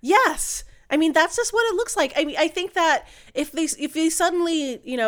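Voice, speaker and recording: A woman's voice: very high voice, animated, normal speed, hardly any pauses, a bit bright. A woman co-hosting a podcast, chatting casually about a video game in a chatty, opinionated way with lots of fillers. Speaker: podcast co-host. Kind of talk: casual chat.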